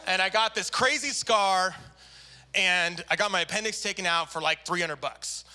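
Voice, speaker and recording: Bright, animated male pastor storyteller. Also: high voice, normal speed, clear, resonant tone. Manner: animated storyteller, acts out quoted voices. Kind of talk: sermon with personal story. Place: church service.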